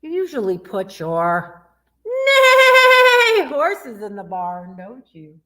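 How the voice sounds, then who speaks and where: With a medium pitch, big swings in intonation, and a slow pace, a woman conducts story time for children. She's a youth librarian in Michigan who sing-songs her way through, asking the listeners questions and making animal noises.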